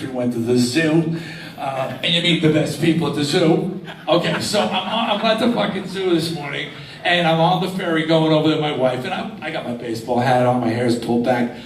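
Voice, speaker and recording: A man in his sixties telling stories on stage as a guest, animated and swearing freely, laughing as he talks. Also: a little high, brisk. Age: 60s. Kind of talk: profane live storytelling. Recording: echoey, distant live-room sound with faint noise.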